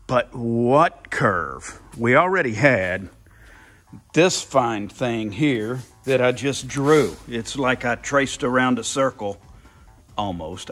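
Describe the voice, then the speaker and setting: A man's voice: mid-range voice, a bit bright. An older man thinking aloud in a casual workshop vlog, rambling and repeating himself as he works. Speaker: car builder, channel host.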